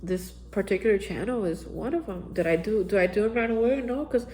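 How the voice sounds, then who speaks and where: A woman's voice: mid-range voice, a little fast, warm tone, slight background noise, low-quality recording. A woman hosting a daily reflection channel, telling an earnest personal recovery story and acting out her own past lines. She is from Texas.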